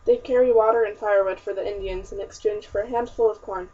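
A woman's voice: medium pitch, fairly even intonation, fast talker, dark tone, natural voice. Solemn young colonist guy, blunt and grave, woman reads him in her own voice, kinda distant muffled sound. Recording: distant, dull lo-fi audiobook recording.

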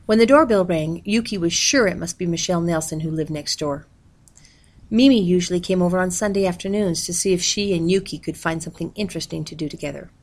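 A woman reading a novel aloud in a steady, plain narrating manner. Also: fairly low pitch, quick pace. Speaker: reader.

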